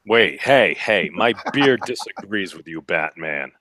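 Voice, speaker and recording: A man's voice: low voice, a little slow. A man rambling animatedly as a panelist on an online video call. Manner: rambling, animated, says frickin'. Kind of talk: casual banter in an online hangout.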